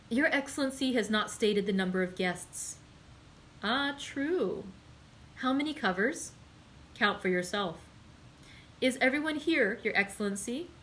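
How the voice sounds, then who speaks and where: Woman, novel read-aloud, library host, faint background hiss, mid pitch. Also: poor audio. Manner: voices characters with raised pitch in excited dialogue. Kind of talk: reading a classic novel aloud.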